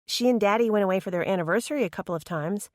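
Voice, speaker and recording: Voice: mid-range voice, racing, no echo, clean studio sound, voice pushed up, lightly acted. A narrator voicing a teasing teenage girl in an audiobook. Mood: correcting.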